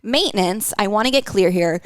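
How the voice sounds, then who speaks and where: A woman explains nutrition in a loose, chatty podcast style, full of fillers. Her voice sits at a middle pitch. The sound is dry and close to the mic. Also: fairly quick, no room sound. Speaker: nutrition coach, podcast host. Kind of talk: casual podcast chat.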